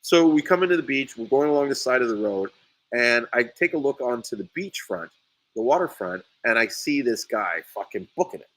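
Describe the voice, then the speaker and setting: A man hosting a casual chat, telling a story with lots of energy, laughing often and voicing the people in it loudly. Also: mid-range voice, animated, a little fast, rough recording. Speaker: sea moss farmer and podcast host.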